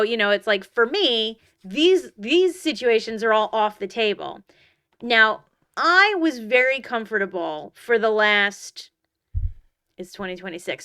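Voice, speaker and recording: A woman around forty, co-hosting a podcast in casual chat, blunt and emphatic and quick to swear. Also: a little high, sharp tone, clear, resonant tone, no room sound, studio quality. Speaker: podcast co-host.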